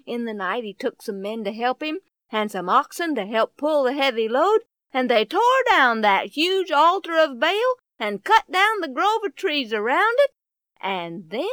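Animated woman telling a Bible story. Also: a little high, a little slow, dry recording. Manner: animated, exclamatory, folksy.

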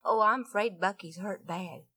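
A woman voicing a worried, firm mother who speaks in a hushed, urgent way. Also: mid-range voice, normal speed.

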